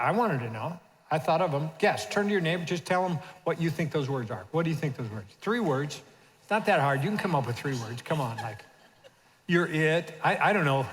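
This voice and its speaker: An older man preaches a sermon in a church hall with a long reverb tail. His voice sits a little high, and he keeps calling on the congregation to repeat after him. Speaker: pastor. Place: church sanctuary.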